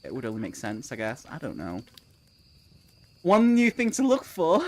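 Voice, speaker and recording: A young adult book streamer hosts a live reading sprint, reading out chat messages and reacting to them. The voice swings widely in pitch, quick to burst into laughter and unbothered about swearing. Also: wildly swooping pitch, darkish tone, a little hiss or hum.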